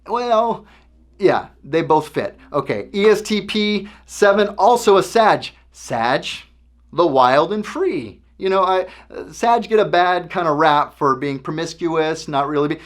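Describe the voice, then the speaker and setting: A man's voice: on the high side, expressive, a little slow. A man hosting a casual explanatory talk, conversational and often checking in with the listener. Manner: conversational, keeps checking in with "okay?". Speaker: host.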